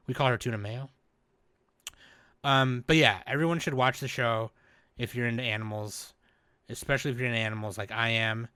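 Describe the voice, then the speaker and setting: A man hosting a podcast, recapping in a rambling, animated, casual way and swearing freely. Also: medium pitch, a little fast, pauses often, clean tone, no echo. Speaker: podcast host. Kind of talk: casual chat.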